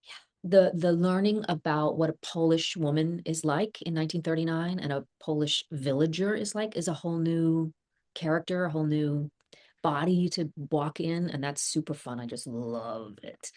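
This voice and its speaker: A middle-aged woman with a notably low voice, chatting casually as an interview guest. She thinks aloud, circles back on her words and often breaks into laughter. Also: moderate pace, darkish tone. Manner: thoughtful, rambling, laughs often. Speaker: actress guest.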